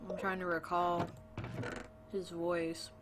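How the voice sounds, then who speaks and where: A woman's voice: on the low side, monotone, slow pace, noisy background. A woman streaming a video game and chatting playfully with her viewers, greeting them and joking along as she plays. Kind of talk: casual live-stream chat while gaming.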